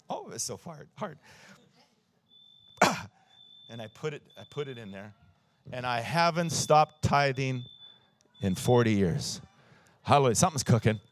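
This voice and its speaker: A man's voice: medium pitch, lively intonation, unhurried, long pauses, no echo. A man around sixty, preaching a sermon in church and telling stories with emphasis, often chuckling at his own jokes. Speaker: pastor.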